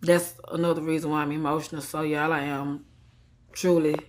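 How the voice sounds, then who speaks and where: A tearful woman, venting defiantly into a phone held at arm's length, swinging from quiet and subdued to heated. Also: low voice, level tone, moderate pace, noisy background. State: tearful after crying. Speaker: vlogger. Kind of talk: emotional selfie vlog rant.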